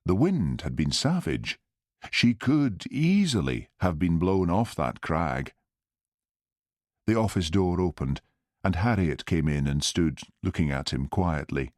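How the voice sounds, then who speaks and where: Low-voiced guy reading a mystery audiobook, dry close sound. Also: sing-song, measured pace, darkish tone, no echo. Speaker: audiobook narrator. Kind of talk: scripted narration.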